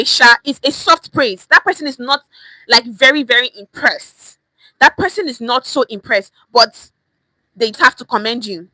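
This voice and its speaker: A woman's voice: high voice, moderate pace, sharp tone, no echo. A young woman with a Nigerian accent teaching a chatty online language lesson, repeating phrases and dropping in pidgin words.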